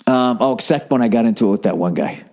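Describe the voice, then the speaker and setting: A man's voice: mid-range voice, fast talker, darkish tone. Man, podcast monologue, profane, rambling, self-mocking storytelling. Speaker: comedian and podcast host.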